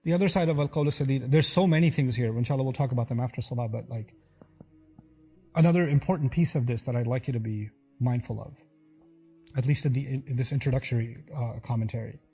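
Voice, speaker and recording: Male religious lecturer, earnest and emphatic, mellow tone, faint music underneath. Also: mid-range voice, quick pace, husky. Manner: earnest, emphatic, acts out quotes. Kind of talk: sermon-style lecture.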